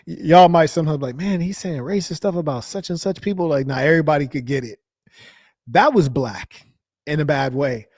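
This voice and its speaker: A man with a fairly high voice hosts a reaction commentary, joking and mocking as he talks. The sound is dry and close, with no room echo. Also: brisk, a little mellow. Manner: joking, mocking, laughs often. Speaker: host reacting to a clip. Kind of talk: casual commentary.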